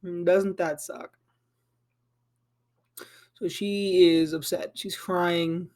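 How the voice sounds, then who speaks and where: High-voiced man rambling through a fan story. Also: little pitch movement, very slow, a little mellow. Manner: rambling, filler-heavy, swears casually. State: yawning, tired. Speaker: anime fan commentator. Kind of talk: casual retelling of a fan story. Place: home room.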